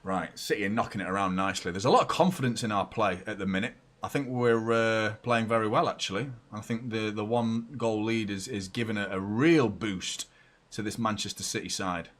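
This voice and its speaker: A young man hosting a live football watchalong from home, chatty and excitable, moving between loud cheers and quiet muttering. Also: lowish voice, brisk. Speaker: football fan channel host. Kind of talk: live match watchalong commentary. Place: home room with door open and a fan.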